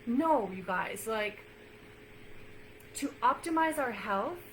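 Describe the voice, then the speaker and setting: Encouraging woman nutrition coach, slightly high. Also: expressive, slow pace, fairly bright tone, a little hiss or hum, rough recording. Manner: earnest, encouraging, many fillers; repeats phrases for emphasis. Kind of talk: casual talk to camera.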